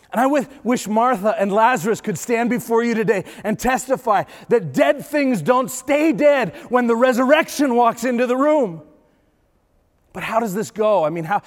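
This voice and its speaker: A pastor preaching a sermon, building intensity through repeated phrases and dropping low for emphasis. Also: male voice. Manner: preaching with rising intensity and repetition.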